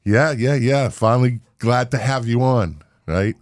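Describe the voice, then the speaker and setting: A man's voice: mid-range voice, unhurried, no echo, studio quality. A middle-aged man hosting a casual interview podcast, jokey and chatty, laughing often. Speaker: podcast host.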